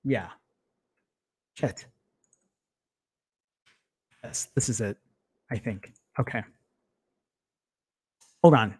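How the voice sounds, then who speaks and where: A man's voice: fairly low pitch, very slow, long pauses, a little mellow, breathy edge. A man hosting a casual tech livestream, rambling and apologizing as he fumbles with photos, muttering and swearing under his breath. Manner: rambling, self-interrupting, apologetic while fumbling with files. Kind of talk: casual live-stream chat.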